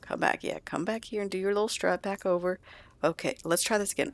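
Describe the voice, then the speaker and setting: Chatty woman playing a sims game, low voice with lots of vocal fry. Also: fast. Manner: chatty, playful. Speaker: let's play host. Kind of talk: casual gameplay commentary.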